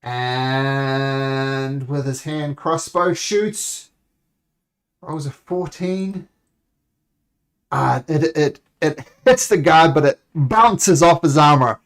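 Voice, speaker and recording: A man's voice: fairly high pitch, extremely slow. A man narrating as game master, rambling along with self-corrections.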